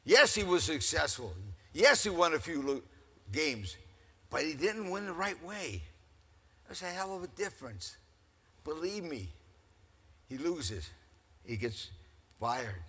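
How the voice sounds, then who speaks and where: An older man giving a keynote speech, telling stories in an animated, folksy way to a crowd. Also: a little high, slow, long pauses, husky. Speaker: keynote speaker. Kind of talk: storytelling speech. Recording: echoey hall.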